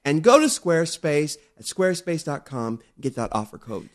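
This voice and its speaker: A man's voice: on the high side, big pitch swings, moderate pace. A middle-aged man co-hosting a podcast, effusive and campy, chatting and reading an ad. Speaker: podcast co-host. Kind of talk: casual chat and read ad.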